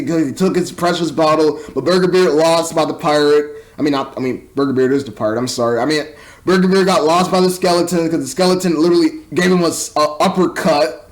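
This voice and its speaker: A man's voice: fairly high pitch, low-quality recording. A young man giving a rambling, exasperated movie review, stumbling and repeating words as he talks. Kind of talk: casual spoken movie review.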